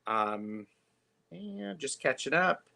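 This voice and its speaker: A man hosting a live tarot stream, chatting casually with lots of fillers and pauses. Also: mid-range voice, sing-song, vocal fry, sharp tone. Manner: chatty, halting, many fillers.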